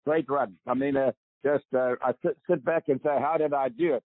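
A man's voice: medium pitch, steady tone, brisk, no room sound. Man, 80s, South African accent, emphatic interview guest; dry, phone-quality sound. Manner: emphatic, preaching. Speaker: guest, veteran golfer. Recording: tinny phone line, dry.

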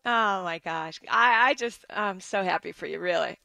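A woman hosting an interview, reacting warmly before steering to the next question. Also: fairly low pitch, moderate pace, creaky, no room sound. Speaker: interview host. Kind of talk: casual interview.

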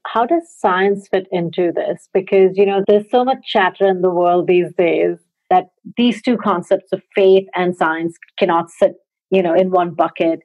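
A woman interviewer asks her guest questions in a relaxed, encouraging way. Her voice sits slightly low and comes through a thin, phone-like line. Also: moderate pace. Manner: encouraging, with short reactions and laughs. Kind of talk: casual interview.

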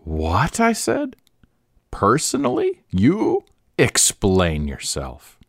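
A man playing a worldly French gentleman, speaking with wry emphasis in a deep, lively voice. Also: a little slow, no echo, studio quality.

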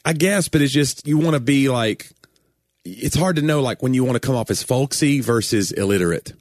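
A man's voice: mid-range voice, lively intonation, brisk, no room sound, studio quality. A man from Knoxville, Tennessee with a toned-down East Tennessee Southern accent, co-hosting a podcast in casual, joking banter and acting out quoted voices. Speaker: podcast co-host.

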